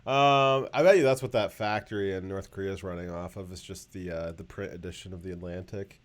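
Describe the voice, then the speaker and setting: A man's voice: low voice, steady tone, a little fast, very noisy. A man hosting a casual political talk show, rambling with many fillers and a sarcastic edge. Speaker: show host.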